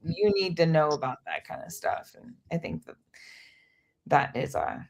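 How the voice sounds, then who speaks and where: A woman's voice: low-pitched, very animated, moderate pace, creaky. A woman co-hosting a podcast, rambling with many restarts and frequent laughs. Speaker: podcast co-host. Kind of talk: casual chat.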